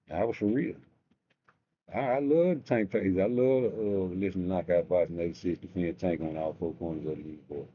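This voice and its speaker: A man's voice: low voice, fairly quick. A man hosting a live stream, rambling through profane stories in a casual rant. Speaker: live show host. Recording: dull lo-fi stream audio.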